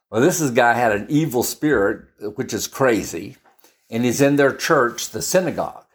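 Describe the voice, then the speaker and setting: Brief: male preacher, mid-pitched, conversational Bible teaching full of asides and restarts. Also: expressive, unhurried, long pauses. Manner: chatty and storytelling, with frequent restarts and asides.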